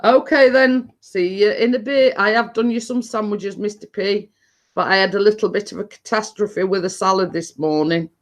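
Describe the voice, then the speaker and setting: A woman's voice: medium pitch, steady tone, normal speed. A middle-aged woman talks casually to her viewers, reading names from the chat. She laughs often and trips over her words, restarting her sentences as she goes. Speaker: live stream host reading chat.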